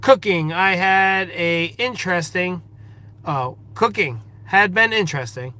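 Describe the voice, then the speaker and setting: A man with a high, bright voice hosts a casual livestream from outdoors in a forest. He reads viewer comments aloud and greets each person by name. His voice stays high and bright throughout. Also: a little slow. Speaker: livestream host.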